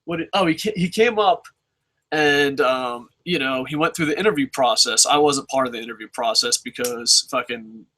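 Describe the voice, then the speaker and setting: Blunt, profane man with a bright voice. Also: medium pitch, moderate pace, rough recording. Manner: blunt, profane, rambling with restarts. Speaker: vlogger answering viewer questions. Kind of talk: casual advice monologue.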